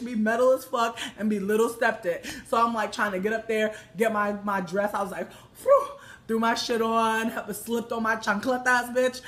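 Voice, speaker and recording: A young woman telling a casual story to the camera, brash and profane, swinging between hushed asides and loud outbursts. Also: a little high.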